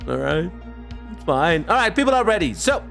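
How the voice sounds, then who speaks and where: A talkative man hosts a relaxed gaming live stream, wandering between thoughts as he reads out and answers his chat. His voice sits high and swings around a lot. Soft music plays faintly underneath. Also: moderate pace, creaky. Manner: chatty and rambling, reads and answers chat aloud. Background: faint background music.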